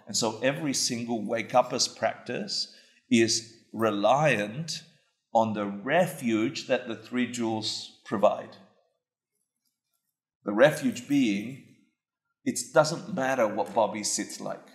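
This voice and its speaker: In an echoey room, a man with a mid-range voice speaks slowly during a casual dharma talk. The teacher pokes fun at himself, keeps things conversational, and often poses questions to his audience.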